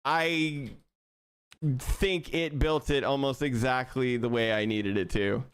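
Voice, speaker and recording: Excitable young man streaming while coding. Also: medium pitch, slow, clear, resonant tone. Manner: excited, laughs often, thinks aloud with restarts. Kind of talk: casual live-stream coding chat.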